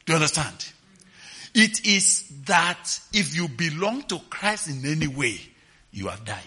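Animated preacher man, bright husky voice. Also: a little high, a little slow. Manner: animated, swings from quiet to shouting, asks listeners questions. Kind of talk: sermon.

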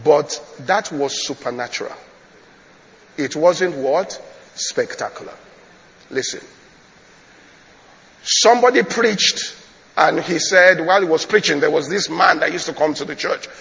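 A male pastor with a fairly high voice preaches a storytelling sermon. He repeats his phrases and keeps checking on his listeners. The sound is dull and hangs in a long hall reverb. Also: lively intonation, measured pace, creaky, long pauses, a bit bright.

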